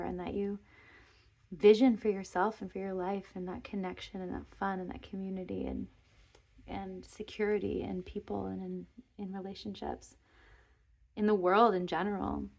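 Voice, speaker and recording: A woman giving a tarot reading, speaking gently and earnestly to viewers, rambling and restarting as she goes. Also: medium pitch, vocal fry. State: emotional, near tears. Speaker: tarot reader.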